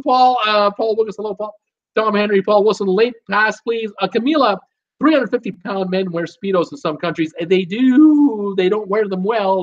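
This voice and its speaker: A man's voice: sits high, highs cut off. Chatty man reading viewer comments. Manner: chatty, reads out viewer names and comments with many "uh" fillers. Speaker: host of a live cruise Q and A stream. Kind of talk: casual live-stream chat reading viewer comments.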